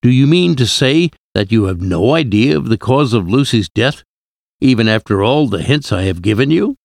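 A man's voice: medium pitch, expressive, normal speed, gravelly, dry recording, studio quality. A man doing a grave old professor. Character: grave older male professor, solemn and wise.

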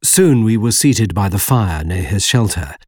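A man narrates a story in the first person with slow, measured care. His voice is low, gravelly and husky, and it rises and falls expressively. The recording is close and dry. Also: animated, darkish tone, no echo. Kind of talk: scripted audiobook narration.

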